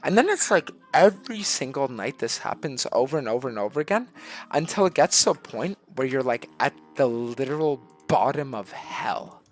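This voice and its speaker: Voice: mid-range voice, animated, moderate pace, faint music behind. A gaming streamer telling a rambling, profane story in casual chat, acting out other people's voices along the way. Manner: swears constantly, acts out voices mid-story.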